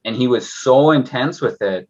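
A man's voice: mid-range voice, expressive, normal speed, highs cut off. A man talking as a guest on a casual investing podcast, rambling and restarting with many fillers.

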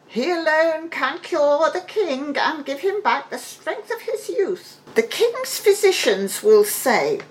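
A ragged old beggar woman pleads in a high, quavering voice, as a woman reading the story puts her on. Her voice swoops up and down with feeling. She is a wise figure out of a storybook. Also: full character voice, low-quality recording.

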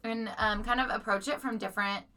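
A woman co-hosting a podcast in casual chat, bubbly and quick to laugh, with lots of "like". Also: on the high side, fairly even intonation, sharp tone. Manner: bubbly, laughs often, says "like" a lot. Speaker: podcast co-host. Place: small closet recording studio. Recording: small padded room.

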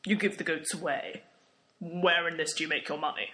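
A man's voice: on the high side, moderate pace, bright, forceful tone. A young man playing a dry, sarcastic, skeptical volunteer in a comedy sketch.

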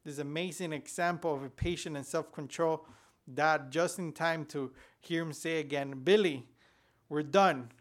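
A man's voice: a little high, fairly even intonation, normal speed, a bit bright. A man, a pastor, preaching a sermon on a church podcast, telling a story in a conversational way with restarts. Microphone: podcast recording.

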